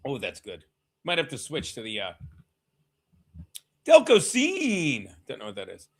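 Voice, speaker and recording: A man hosting a casual sports watchalong stream, talking excitably with profanity and joking asides to his chat. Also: mid-range voice, a little slow, heavy background noise. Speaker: livestream host.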